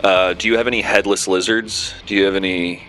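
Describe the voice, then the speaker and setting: A man's voice: sits low, fairly even intonation, fairly quick, bright, forceful tone, faint music behind. A man in an improv comedy scene, talking in a conspiratorial, coaching way. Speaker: improv performer playing a shady fixer.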